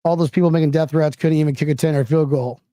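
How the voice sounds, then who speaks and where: Chatty, high-voiced male stream host. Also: steady tone, quick pace, warm tone, dry recording, studio quality. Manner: loose, rambling, profane, chatty with viewers. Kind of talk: live sports talk stream.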